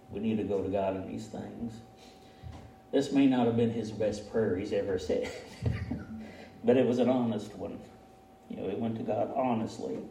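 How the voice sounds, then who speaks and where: A man's voice: lowish voice, gravelly, mellow, slight background noise. A man preaching in a folksy, conversational way, often chuckling at himself, recorded from a distance in a church hall. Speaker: pastor. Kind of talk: conversational sermon. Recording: echoey room, picked up from afar.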